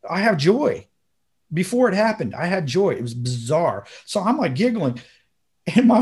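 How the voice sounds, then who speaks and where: A man co-hosting a podcast, telling a story in casual chat and acting out the quotes with sudden high bursts. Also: big pitch swings, normal speed, darkish tone. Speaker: podcast co-host.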